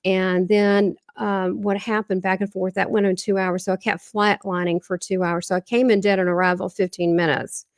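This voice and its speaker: A woman with a Southern American accent, a guest medium, earnestly recounts a near-death experience. Her mid-range voice is flat, at normal speed with few pauses, in a clean studio recording with no echo. She rambles and often restarts her sentences.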